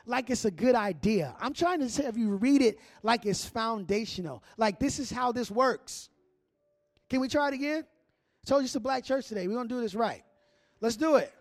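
Male pastor, high-pitched voice, animated sermon delivery with call-and-response. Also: normal speed.

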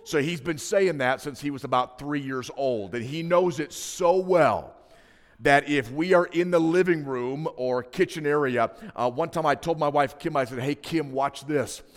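A man in his thirties, a pastor, gives a sermon, telling personal stories conversationally with asides to the congregation. His voice is a little high and his speed normal. He's preaching in a reverberant hall.

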